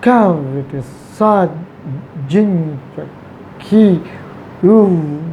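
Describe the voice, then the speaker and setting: A man with an Indian English accent teaching a poetry lesson, pausing often with "uh" and repeating words to drive a point home. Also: fairly high pitch, phone-quality sound, slight background noise. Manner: halting, many "uh" fillers, repeats words for emphasis.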